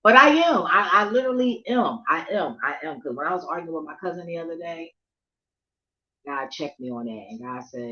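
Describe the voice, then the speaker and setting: A woman vlogger telling a story to her viewers in a casual, profane rant, laughing often and swinging from low murmurs to near shouts. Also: animated, brisk, muffled recording.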